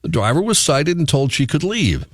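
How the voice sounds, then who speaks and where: Lively radio man reading news notes. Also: on the high side, normal speed, no room sound. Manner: amused, laughs through stories. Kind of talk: news reading mixed with chat.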